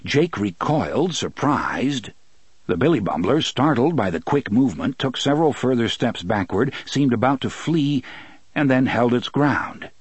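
Man, audiobook narrator, husky, lively pitch, lowish voice. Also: unhurried, no room sound. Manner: expressive storytelling, many voices. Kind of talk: scripted narration.

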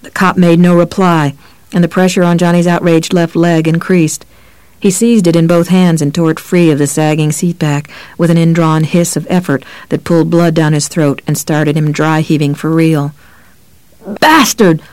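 A man narrating a novel as an audiobook in a steady, even storytelling manner. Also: a little high, moderate pace, clear, resonant tone, dry recording.

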